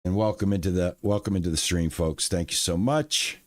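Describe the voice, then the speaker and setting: A man chatting casually on a live stream, relaxed and thankful, with lots of fillers and restarts. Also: low-pitched, a little fast, no echo.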